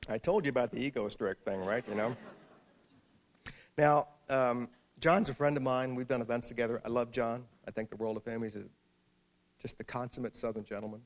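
Gravelly man telling a wry story. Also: mid-range voice, brisk. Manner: wry anecdotal humor. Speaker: author giving a talk. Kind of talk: storytelling speech to an audience. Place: auditorium with a live audience.

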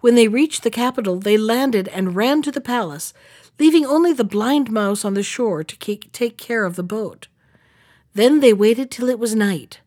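A woman reading a fairy tale aloud, lifting her voice for the characters' lines. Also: moderate pace. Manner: expressive, raises pitch for characters' lines. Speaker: storyteller.

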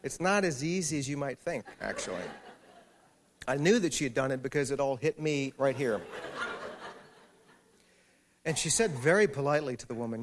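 A man's voice: mid-range voice, expressive, moderate pace, pauses often, noisy background. A man, an author, giving a talk to a live audience and telling an anecdote with wry, self-mocking humor. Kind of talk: storytelling speech to an audience.

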